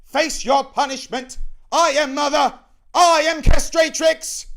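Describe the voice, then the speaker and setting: A man voicing a furious, shrieking female police constable who shouts commands from a screenplay he reads aloud. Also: very high-pitched, fairly even intonation, takes it slowly, pitched above the performer's own voice, heavily acted. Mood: furious shouting.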